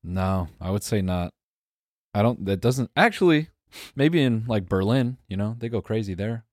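A young man co-hosting a podcast, teasing deadpan and laughing often in casual banter. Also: fairly low pitch, normal speed, no room sound, studio quality. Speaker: podcast co-host.

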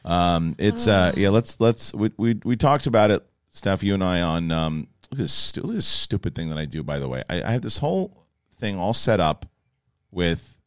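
A man in his thirties hosting a podcast, rambling and animated as he tells stories, with frequent restarts. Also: sits low, normal speed, clean tone, no echo, clean studio sound. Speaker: podcast host. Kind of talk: casual chat.

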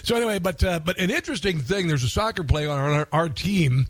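A middle-aged man hosting talk radio, voice pitched a bit high for a man. He rambles with fillers and sarcasm, recorded dry and close in a studio booth. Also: a little fast, dry recording. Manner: rambling, sarcastic, talks over the clip. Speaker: radio talk show host. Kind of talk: political talk radio commentary.

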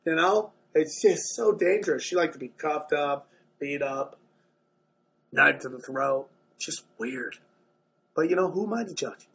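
A man doing stand-up, telling a profane story in an animated way, dropping to mumbled asides and jumping to loud bursts. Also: a little high, measured pace, slightly rough. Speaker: stand-up comedian.

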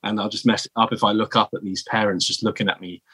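A man in his thirties from the south of England with a southern English accent, telling stories as a guest in a casual interview, animated and full of restarts. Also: fairly low pitch, fast talker, husky, no echo. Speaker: guest, former marine.

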